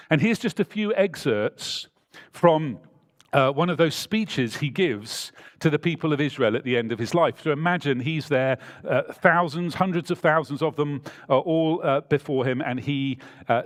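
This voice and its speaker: Male pastor, sermon delivery, higher-pitched, very animated intonation. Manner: expressive preaching, reading scripture aloud with emphasis. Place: church.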